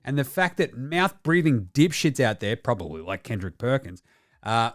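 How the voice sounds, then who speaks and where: A man's voice: mid-range voice, normal speed, a bit bright, dry recording, studio quality. A man with an Australian accent hosting a casual basketball show, ranting with a lot of swearing. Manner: profane, ranting. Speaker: host.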